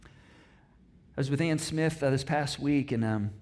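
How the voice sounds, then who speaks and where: A man preaching a sermon as pastor, conversational and animated, often repeating words and laughing as he talks. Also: mid-range voice, moderate pace. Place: church auditorium.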